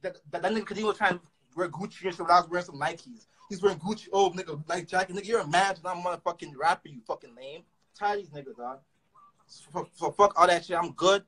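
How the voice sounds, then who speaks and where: A young man with a Toronto accent, ranting through a story fast and profanely, with frequent stammered restarts. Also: high-pitched, fairly bright tone, breathy edge, poor audio. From Canada. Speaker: rapper. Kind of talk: casual storytelling rant.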